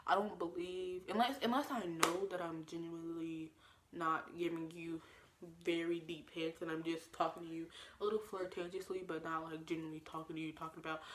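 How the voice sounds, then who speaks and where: A woman's voice: lowish voice, fairly bright tone. A young woman telling a story in a casual vlog, talking animatedly with lots of fillers and acted-out quotes. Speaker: vlogger.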